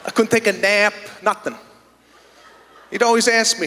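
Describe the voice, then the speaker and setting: A man working a theater stage with a very high, piercingly bright voice, ranting in exasperated disbelief and acting out every exchange. The sound rings with a long hall reverb around his handheld mic. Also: steady tone, moderate pace, a little hiss or hum. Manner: indignant, exasperated storytelling with acted-out dialogue. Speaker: stand-up comedian. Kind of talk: stand-up set. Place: theater stage before a live audience.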